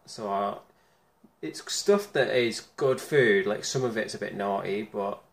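Creaky-voiced man, rambling video diary. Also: on the low side, measured pace. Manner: chatty, rambling, with many ums. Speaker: vlogger.

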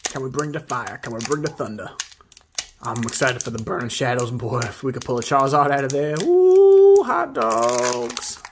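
A man hosting a casual pack-opening video, excitably reading card names aloud and hyping himself up. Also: medium pitch, brisk, noisy background. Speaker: host opening card packs.

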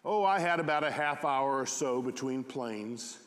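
A man telling a first-person story aloud at a concert, in a slow, reflective way. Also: medium pitch, animated, a bit bright. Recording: echoey hall.

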